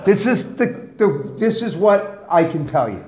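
There's noise in the background as a middle-aged man with a high-pitched voice talks a little slowly. He's a guest speaker giving his testimony at a recovery meeting, animatedly telling stories and trading jokes with the live audience in the room.

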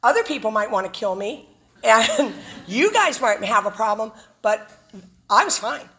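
A woman's voice: on the high side, animated, a little slow, sharp tone. A woman speaking at a recovery meeting, telling her personal story with humor and animation. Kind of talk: personal testimony talk.

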